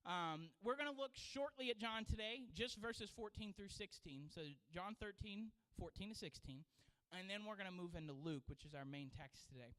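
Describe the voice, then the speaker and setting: A man who is a children's pastor, preaching a sermon and telling a story in an animated way with frequent laughter. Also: high-pitched, normal speed, clear, resonant tone, poor audio. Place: church sanctuary.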